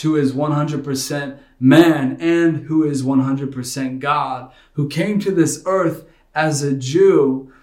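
Brief: man, 30s, earnest conversational preacher, fairly high voice, roomy bedroom studio sound. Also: darkish tone. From United States. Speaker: pastor. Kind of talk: online sermon, casual storytelling.

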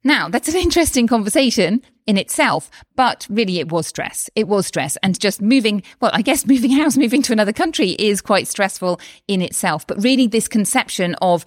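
A chatty woman hosts her own health podcast in a casual solo monologue. She talks in an animated way, full of exclamations and quick asides, at a middling pitch. The recording is close and dry, with no room sound. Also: no echo. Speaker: health coach and podcast host. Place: lives in Spain.

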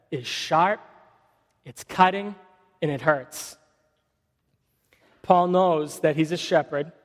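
A man's voice: a little high, in a large hall. A man preaching a sermon as a pastor, talking casually and reading scripture dramatically.

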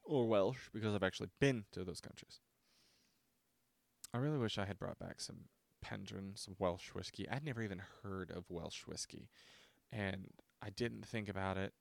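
A man's voice: sits low, normal speed, gravelly, no echo. A man in his twenties chatting casually to camera as he reviews a drink, rambling, swearing freely and poking fun at himself. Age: 20s.

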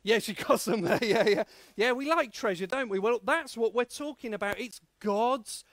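Energetic pastor, high voice. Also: male voice, dry recording, studio quality. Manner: energetic, coaxing the congregation to join in; drawn-out emphasis on key phrases. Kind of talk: lively all-age sermon. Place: church service.

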